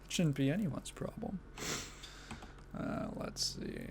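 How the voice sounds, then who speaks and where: A man's voice: on the high side, wildly swooping pitch, slow pace, gravelly, noisy background. Rambling, laughing male podcast host. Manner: rambling, profane, laughs often mid-sentence. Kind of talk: casual solo gaming podcast chat.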